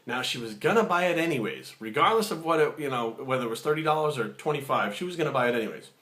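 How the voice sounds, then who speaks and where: A man telling a story in a casual vlog, animated, acting out other people's lines. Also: mid-range voice, quick pace. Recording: echoey room.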